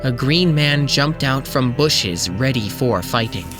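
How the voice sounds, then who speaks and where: Slow, earnest male audiobook narrator. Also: mid-range voice, lively intonation, music in the background. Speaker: audiobook reader. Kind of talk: comedic fanfiction audiobook narration.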